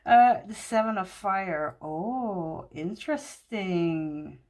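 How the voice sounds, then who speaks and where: A woman walking through a tarot deck in casual talk, gushing and excited, laughing often. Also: medium pitch, slow.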